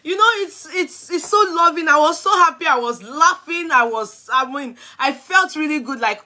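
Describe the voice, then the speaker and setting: A woman's voice: high voice, expressive, normal speed, hardly any pauses, sharp tone. A middle-aged Nigerian woman with a Nigerian accent, chatting affectionately on a live stream and laughing often. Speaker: vlogger. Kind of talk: casual live-stream chat.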